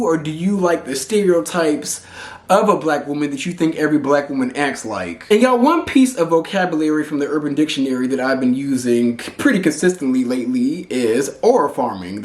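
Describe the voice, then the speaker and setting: A man's voice: a little high, a little mellow. A man from Texas giving blunt, profane commentary to camera as a vlogger. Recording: roomy echo.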